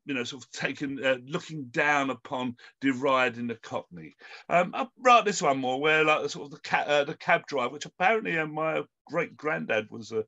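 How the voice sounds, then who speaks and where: A man with a fairly high, bright and forceful voice hosts an online panel over a video call. He speaks hesitantly, full of ums and false starts. His tone is lively rather than polished. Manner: hesitant, with many ums and restarts. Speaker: host. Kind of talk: hosting an online panel discussion.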